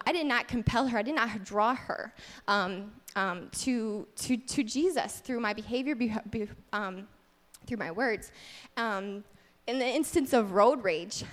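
Candid woman teaching in a reverberant hall. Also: a little high. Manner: candid and self-deprecating. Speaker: church teacher. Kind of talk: casual sermon teaching.

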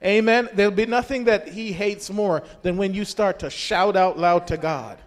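A pastor with a high-pitched male voice preaches fervently at a normal speed, repeatedly rising into loud, ringing shouts. He exhorts the congregation in full sermon style.

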